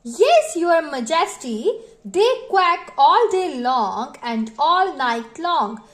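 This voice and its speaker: A woman's voice: high voice, big pitch swings, very slow, a bit bright, exaggerated voice. A woman doing a patient papa duck. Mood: answering. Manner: storybook read-aloud.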